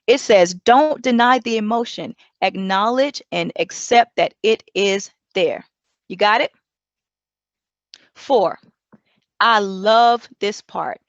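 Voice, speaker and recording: A woman giving a motivational talk, animated, acting out inner dialogue and drawing out key words slowly for emphasis. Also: medium pitch, dry recording, highs cut off. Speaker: motivational speaker.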